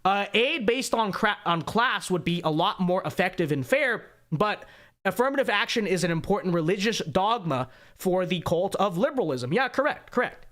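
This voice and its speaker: A man hosts a political commentary livestream with a fairly high voice. He talks in a sarcastic, mocking way, tossing in joking asides and reading out viewer messages. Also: lively intonation, moderate pace, fairly bright tone. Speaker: host.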